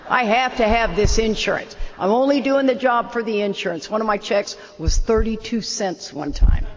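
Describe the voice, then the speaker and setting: Older woman, high voice, animated self-mocking storyteller, muffled hall reverb. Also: moderate pace. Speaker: opening speaker. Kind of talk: storytelling talk.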